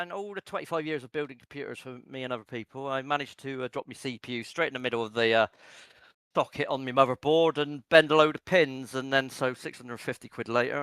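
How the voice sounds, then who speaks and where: Racing guy chatting after the race, bright crisp voice, dry sound, rambly and cheeky. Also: medium pitch, dry recording. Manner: rambling, joking, teasing banter. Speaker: racing driver guest. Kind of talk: casual post-race interview.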